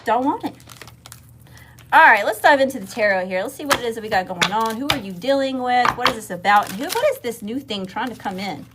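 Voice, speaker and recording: A woman's voice: fairly high pitch, fast, few pauses, very noisy. A woman from Mississippi with a Southern accent, giving a casual livestream tarot reading, swearing freely and calling her viewers y'all. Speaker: tarot reader.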